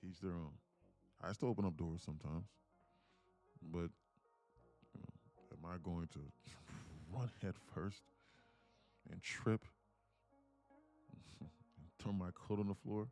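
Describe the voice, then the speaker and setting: A man's voice: low voice, slow, pauses often, a little mellow, soft background music. A man hosting a live trading stream, chatting loosely with lots of fillers and chuckles. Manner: rambling, laughs through stories, many fillers. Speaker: livestream host, day trader. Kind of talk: casual live-stream chat.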